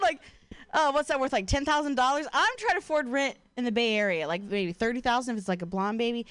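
A young woman works through a stand-up set in a loose, profane, self-deprecating ramble, leaning on "like" and "you know." Her voice sits a touch high and the sound is dry and close to the mic. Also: quick pace, a bit bright, clear, resonant tone, dry recording. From Ohio, USA. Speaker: stand-up comedian.

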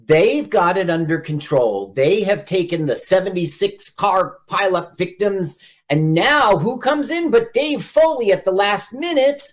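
A man co-hosting a casual film-review show, walking through the plot at an unhurried pace. His voice swings widely in pitch as he tells the story and acts out bits of dialogue in character. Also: animated. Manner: recaps the plot, acts out lines from it. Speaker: podcast co-host.

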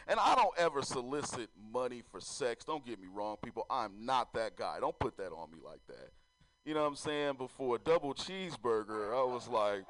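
A man's voice: mid-range voice, big pitch swings, normal speed, a bit bright, rough recording. A man doing a loose, profane stand-up comedy set, often laughing at his own jokes.

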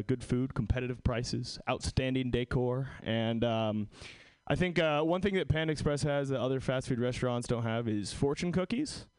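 A man's voice: medium pitch, clear, resonant tone. A man doing an open mic stand-up set, self-deprecating and rambling with fillers. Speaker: stand-up comedian.

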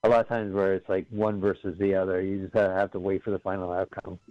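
Man, low voice, wisecracking, casual swearing, movie commentary, dry muffled lo-fi sound. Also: flat delivery, fast. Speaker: podcast co-host.

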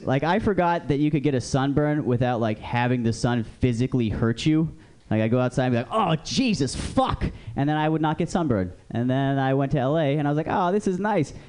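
A man's voice: mid-range voice, quick pace, darkish tone, smooth. A man doing a stand-up comedy set on a club stage, telling profane, rambling stories into a stage mic.

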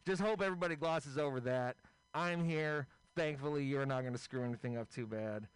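A man's voice: medium pitch, a little fast, smooth, dry recording, natural voice, rough recording. A man doing a stand-up impression of a bossy female vice president who speaks curtly and condescendingly. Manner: curt and condescending.

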